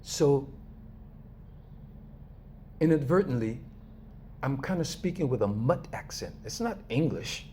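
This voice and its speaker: An American man from Los Angeles speaking in a casual, animated monologue to his viewers, emphatic and chuckling often. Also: mid-range voice, takes it slowly, pauses often, a little hiss or hum. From Los Angeles, USA. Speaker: vlogger.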